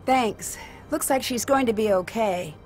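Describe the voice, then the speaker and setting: A woman's voice: fairly high pitch, a little slow, darkish tone, faint music behind, lightly acted. Nancy Drew, voiced by a woman, earnest sleuth. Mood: curious. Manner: curious, questioning, earnest. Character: earnest young female amateur detective. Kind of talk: video game voice acting.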